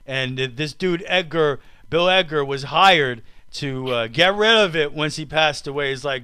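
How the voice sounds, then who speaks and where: A man's voice: on the high side, measured pace, few pauses, sharp tone, clean tone, no room sound. A man co-hosting a podcast in casual chat, telling stories with joking acted-out quotes. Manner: jokey storyteller, acts out quotes. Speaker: podcast co-host.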